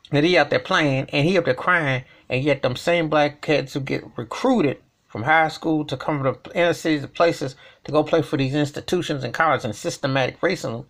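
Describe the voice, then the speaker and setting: A man delivering an emphatic, repetitive rant in colloquial speech, commenting as a vlogger. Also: medium pitch. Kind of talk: ranting commentary.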